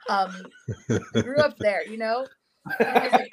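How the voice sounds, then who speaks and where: A woman's voice: a little high, expressive, a little slow, pauses often, a little hiss or hum, low-quality recording. A woman co-hosting a casual movie podcast, rambling and giggly, often correcting herself as she goes. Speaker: podcast co-host. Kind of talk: casual film discussion.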